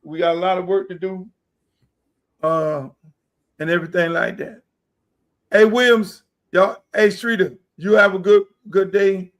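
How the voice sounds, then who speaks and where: Man, middle-aged, high voice, loud and joking, casual podcast host. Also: measured pace, pauses often. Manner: loud, excitable, joking, bursts into shouting.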